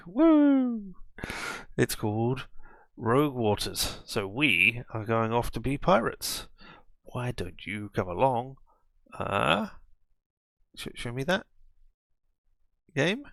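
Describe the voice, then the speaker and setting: A man's voice: mid-range voice, vocal fry, sharp tone, dry recording. A man hosting a casual let's play video, commenting on a game in a rambling, self-mocking way.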